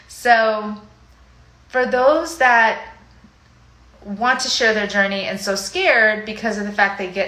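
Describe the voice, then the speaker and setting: A woman's voice: medium pitch, pushed and bright, reverberant. A woman in her fifties, a fitness coach, talking in a chatty, emotional, rambling way on a casual live video.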